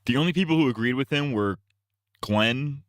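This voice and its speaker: A man's voice: medium pitch, normal speed, a bit bright, clean tone, no room sound, studio quality. A young man co-hosting a casual stream, blunt and crude in his jokes.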